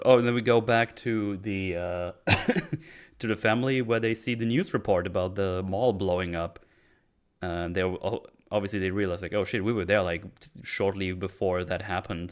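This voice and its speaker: A man's voice: deep voice, fairly even intonation, moderate pace, clear, resonant tone. A man hosting a casual movie discussion podcast, retelling scenes with acted-out quotes and swearing. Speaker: podcast host.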